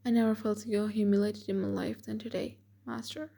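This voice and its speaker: A woman's voice: medium pitch, level tone, normal speed, vocal fry, mellow. A woman voicing a hurt young maid who speaks bitterly and formally through tears.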